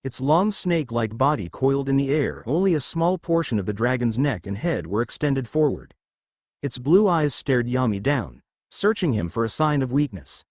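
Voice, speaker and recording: Give me an expressive male fan fiction narrator. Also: mid-range voice, normal speed, no room sound, clean studio sound.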